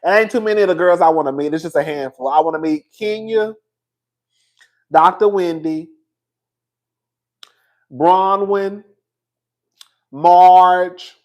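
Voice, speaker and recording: A man's voice: high-pitched, slow, long pauses, a little mellow, poor audio. A man giving casual celebrity gossip commentary, sassy and profane, laughing often and calling his listeners "girl". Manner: sassy, profane, chatty, calls the audience "girl"; laughs often between lines.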